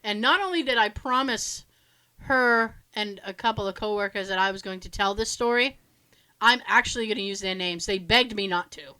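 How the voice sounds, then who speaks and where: A woman co-hosting a podcast, telling animated stories in casual chat, swearing freely and laughing often. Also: mid-range voice, moderate pace, smooth. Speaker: podcast co-host.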